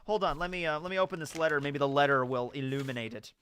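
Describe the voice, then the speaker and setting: A young adult man hosting a live stream, chatting casually and excitably with frequent laughter. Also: on the high side, fast, clean tone. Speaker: streamer host.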